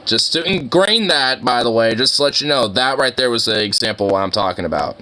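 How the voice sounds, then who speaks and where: A man's voice: mid-range voice, a little fast, sharp tone, slight background noise. A man chatting casually on a live stream, rowdy and profane, laughing often. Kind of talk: casual chat.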